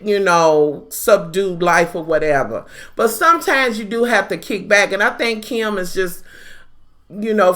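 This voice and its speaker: Bright, sassy woman recapping TV. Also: on the high side. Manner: blunt, profane, sassy running commentary. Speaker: TV recap vlogger. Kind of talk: casual reality-TV review.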